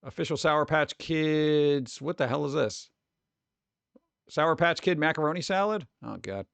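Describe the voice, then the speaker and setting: A man's voice: fairly high pitch, measured pace, gravelly, fairly bright tone, clear, resonant tone, no room sound. Sarcastic streamer man from New York. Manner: sarcastic, mumbled asides. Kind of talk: casual live-stream chat.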